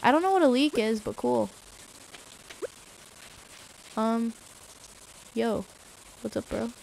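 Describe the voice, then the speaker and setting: A woman's voice: fairly high pitch, animated, slow pace, gravelly, darkish tone, slight background noise, poor audio. A woman streaming a video game, chatting casually and giggling as she reacts aloud to what happens on screen.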